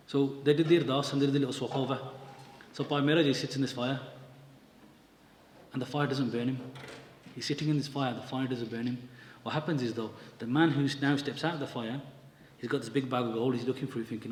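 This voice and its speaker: Male religious storyteller, brisk delivery, distant mic in a reverberant hall with faint background ambience. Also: medium pitch, slight background noise. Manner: lively storyteller acting out quotes, mixing in Punjabi. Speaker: Sikh scripture teacher.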